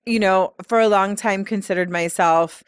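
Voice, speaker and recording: A woman's voice: medium pitch, fairly even intonation, moderate pace, smooth, no room sound, studio quality. A woman who is a guest, talking candidly and rambling a little in a casual chat, and laughing easily.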